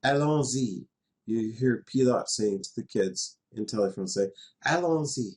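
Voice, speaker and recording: A man's voice: mid-range voice, expressive, measured pace, a little mellow. A middle-aged man from western Canada teaching a class, patient and chatty, laughing now and then as he explains. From Canada, West Coast. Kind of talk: classroom lesson in a virtual world.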